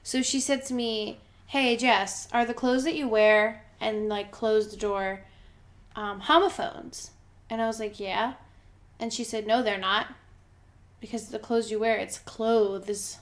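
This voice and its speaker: A woman's voice: fairly high pitch, flat delivery, unhurried. Chatty young woman telling a story. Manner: chatty storyteller, lots of "like" fillers. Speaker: podcast co-host. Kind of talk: casual chat.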